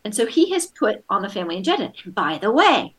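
A woman's voice: medium pitch, big pitch swings, quick pace, fairly bright tone. A woman coaching a parent on running family meetings, patiently explaining steps and acting out short scenes. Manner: patient, acts out kids' voices in quotes. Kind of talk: advice session.

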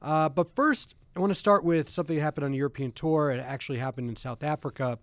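A man's voice: on the high side, fast, fairly bright tone, no echo. A man hosting a podcast in a casual studio chat, rambling and self-deprecating with restarts. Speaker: podcast host.

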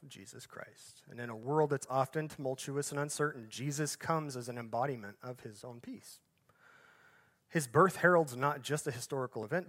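A male pastor giving a sermon, each phrase swelling up and then dropping off to a soft, hushed finish, with conversational asides and self-corrections along the way. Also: medium pitch.

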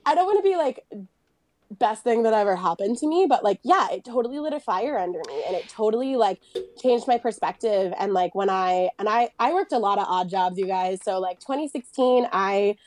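A woman, a guest on a casual podcast, telling a personal story in an animated way, acting out what was said and laughing often. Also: mid-range voice, a little fast. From United States. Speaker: guest, photographer and business owner.

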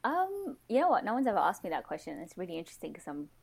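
A woman chatting as a podcast guest, animated and quick to laugh. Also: medium pitch, creaky, very noisy. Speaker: podcast guest, blog founder. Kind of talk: casual podcast chat.

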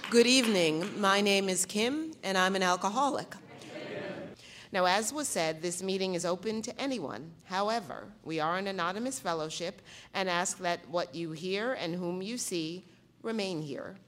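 A woman's voice: mid-range voice, normal speed, fairly bright tone. A woman chairing a recovery meeting and reading the formal announcements. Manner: formal, reads set announcements.

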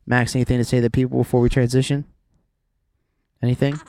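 A man's voice: medium pitch, little pitch movement, fast, a little mellow, no echo. Playful guy in his 30s cracking jokes while driving, dry close sound. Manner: joking, playful asides. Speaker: vlogger, father. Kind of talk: casual chat while driving. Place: car.

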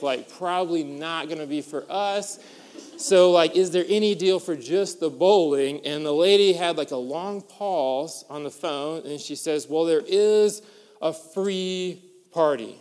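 A pastor preaching a sermon and telling a lively personal story, getting animated as it builds. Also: male voice, on the high side, clean tone. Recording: long hall reverb.

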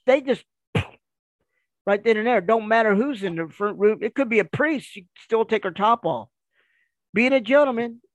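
A man telling a rambling, animated story in casual conversation, acting out the dialogue as he goes. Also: high-pitched, no echo. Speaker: guest storyteller.

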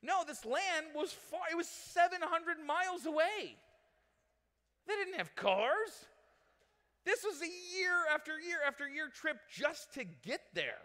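A male pastor preaches a sermon in a casual, conversational style, joking with the audience. His voice is very high-pitched and unhurried. The large hall adds a long reverb.

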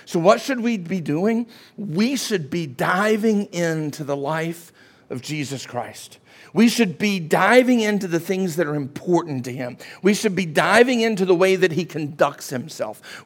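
A man preaching a sermon as pastor, often asking "Amen?" and rising to a shout at his climaxes. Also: sits high.

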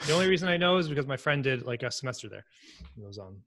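A man who works as a software engineer, a podcast guest chatting in a friendly, rambling way. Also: medium pitch, expressive, racing. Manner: friendly, rambling, chuckles, talks through tasks. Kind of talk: casual chat.

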